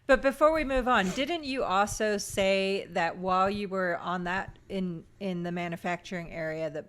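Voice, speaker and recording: A woman's voice: medium pitch, normal speed, fairly bright tone. A woman interviewing a guest in casual conversation, mostly with short backchannel replies.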